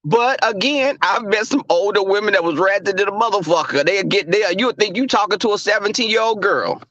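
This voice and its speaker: Young male streamer, high voice, animated and profane; dull, dry mic. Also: a little fast, dry recording. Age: young adult. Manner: animated, profane, laughing, calls out chat viewers. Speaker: livestream host. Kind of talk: casual livestream chat with viewers.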